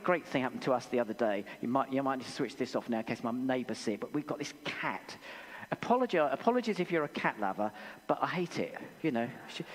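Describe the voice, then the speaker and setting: An English man delivers a sermon with animated storytelling. His voice sits high and swings widely in pitch. The sound rings with the long reverb of a church hall. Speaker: preacher.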